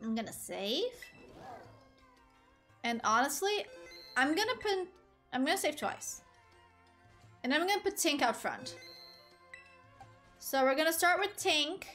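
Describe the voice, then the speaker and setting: Woman streamer, casual gameplay chat, rambling, self-correcting, high voice, faint music behind. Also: very animated, a little slow, pauses often, sharp tone. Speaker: gaming streamer.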